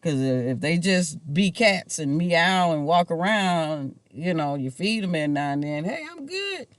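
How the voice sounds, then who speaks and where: A vlogger talks to camera in a rambling, casual personal monologue, musing and chuckling to himself now and then. His voice is a little high and a little slow, clear with a resonant tone, and there is no echo.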